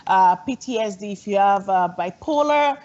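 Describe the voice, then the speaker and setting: A woman's voice: mid-range voice, animated, normal speed, darkish tone. A woman hosting a talk show, affirming and steering the conversation. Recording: dull lo-fi sound.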